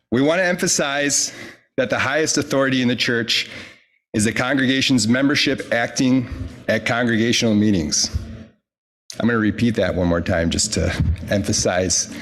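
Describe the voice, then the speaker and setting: Man addressing a congregation from a prepared text, slow and deliberate with emphatic pauses. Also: on the low side. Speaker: congregation member reading church bylaws. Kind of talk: reading a prepared statement to a congregation.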